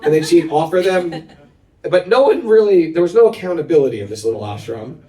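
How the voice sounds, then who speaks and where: Animated male spiritual teacher telling a story. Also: fairly high pitch, a little fast. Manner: animated and humorous, laughing often. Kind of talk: storytelling talk. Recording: roomy, from a distance.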